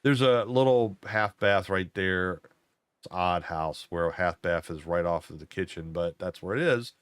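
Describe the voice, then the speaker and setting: This older gaming channel host has a low, dry, resonant voice that comes through clearly at a normal speed with no room sound. He tells a casual, folksy story over gameplay, rambling and repeating himself.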